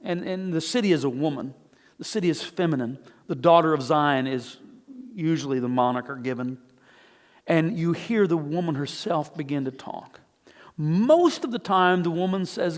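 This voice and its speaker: A man's voice: fairly high pitch, lively intonation, normal speed, in a large hall. A male pastor preaching a sermon, earnestly reading scripture aloud with rising emotion. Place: church sanctuary.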